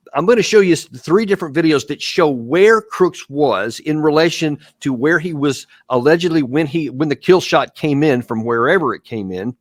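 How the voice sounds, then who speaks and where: A man's voice: on the high side, dry recording, studio quality. A man hosting a live show, walking viewers step by step through video clips in an emphatic commentary style.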